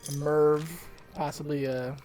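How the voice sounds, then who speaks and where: A man's voice: a little high, level tone, unhurried, dark tone, soft background music. Joking, swearing male streamer. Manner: profane, joking banter. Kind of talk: casual gameplay chat.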